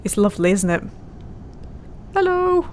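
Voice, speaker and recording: A woman's voice: medium pitch, lively intonation, normal speed. Giggly woman streaming chat. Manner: chatty, giggly, reads chat aloud. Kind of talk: casual live-stream commentary.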